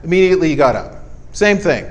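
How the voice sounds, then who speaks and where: A man's voice: on the high side, very animated, fast talker. A male preacher giving a conversational sermon, emphatic and repetitive with folksy asides.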